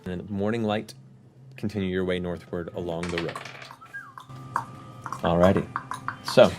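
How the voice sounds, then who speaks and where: A man running a tabletop game as game master, narrating with quick shifts into character voices. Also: low-pitched, steady tone, noisy background.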